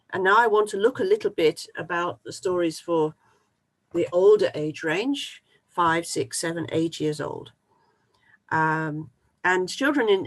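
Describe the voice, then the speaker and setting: A workshop presenter who tells a children's story aloud, then explains it slowly and expressively. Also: mid-range voice, low-quality recording. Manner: slow, expressive, with fillers and restarts. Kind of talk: storytelling and teaching talk.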